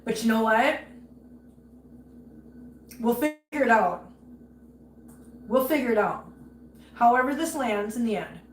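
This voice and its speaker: A woman's voice: a little high, expressive, a little slow, pauses often. Angry ranting woman livestreaming in an echoey room. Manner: angry ranting, greets viewers warmly by name. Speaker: livestream host. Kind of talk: casual livestream chat. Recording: echoey room with faint ambience.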